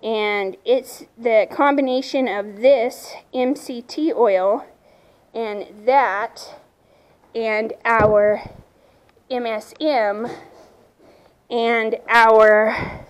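A horse owner vlogger chats casually to camera outdoors at her farm, talking about her horse and now and then addressing her animals. Her voice is on the high side, smooth and steady in tone, and extremely slow with frequent pauses. The recording is low quality.

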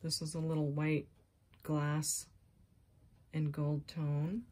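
Taking it slowly in a low, scratchy voice, a woman vlogger does a casual show-and-tell of her thrifted jewelry. She gushes and exclaims excitedly, sometimes lowering to almost a whisper.

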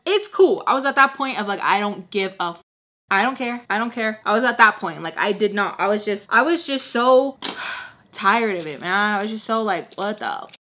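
A young woman chats straight to camera as she does her makeup, telling a storytime. She is blunt and profane and slips Spanish words into her casual talk. Her voice sits at a middle pitch with a bright, forceful edge. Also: animated, normal speed. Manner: blunt, profane, peppers speech with Spanish and fillers. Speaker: storytime vlogger.

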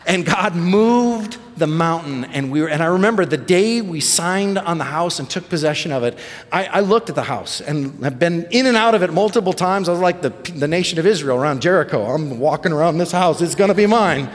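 A middle-aged male pastor telling a story in a sermon, animated and self-deprecating. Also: fairly high pitch, brisk, in a large hall. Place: church sanctuary.

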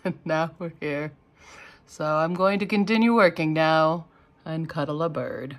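A young woman, hoarse from a sore throat, chatting in a rambling, wry way in a casual vlog at home. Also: sits low, a little slow. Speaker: vlogger. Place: at home indoors.

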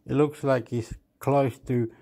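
Slow rambly guy from australia going over a phone, mid pitch, talks to himself a lot. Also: fairly even intonation, vocal fry, warm tone. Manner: rambling, thinking aloud, self-deprecating. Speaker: vlogger. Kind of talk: casual phone review.

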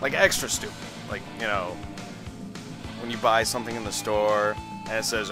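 A man's voice: fairly low pitch, normal speed, over music. A tired man doing rambling, sarcastic commentary over a video game. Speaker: let's play commentator.

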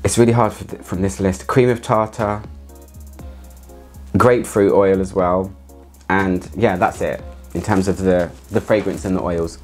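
A man chatting casually through a product review, excitable and laughing often as he talks. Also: sits low, unhurried, long pauses, soft background music. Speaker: fragrance reviewer.

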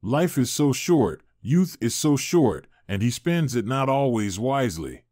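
Storybook older mother, gentle and sly, read by a man in a dry, mid-pitched voice. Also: very animated, a little slow, no room sound. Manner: soft, hopeful.

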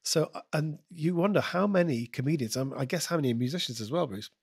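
A British man, a guest comedian and impressionist, chatting on a podcast in an animated, digressive storytelling manner. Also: on the high side, quick pace, slightly rough, no echo, clean studio sound. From United Kingdom. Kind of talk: podcast conversation.

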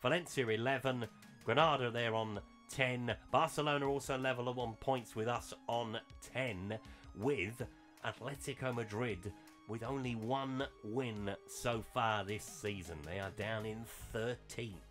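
A man commentating on a football management game he is playing, chatty and animated, with asides to his viewers. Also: medium pitch, measured pace, soft background music. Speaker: gaming commentator.

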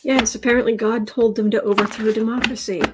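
A woman giving a casual livestreamed tarot reading, drawing her words out and dropping into soft, near-whispered asides. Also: fairly high pitch, steady tone, fairly quick, background noise. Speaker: tarot reader.

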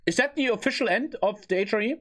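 A young man from Germany with a German accent, giving casual reaction commentary, excitable and swearing, often tacking on "man". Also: high-pitched, fast, music in the background. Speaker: YouTube reactor.

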